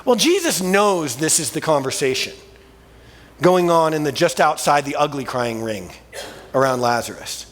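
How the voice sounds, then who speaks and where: A man preaching in a church sanctuary, his slightly high voice swinging widely up and down as he tells the story. His manner is casual and conversational, with colloquial asides, and a long reverb trails behind each phrase. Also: lively intonation, normal speed, fairly bright tone. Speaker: pastor. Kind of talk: sermon.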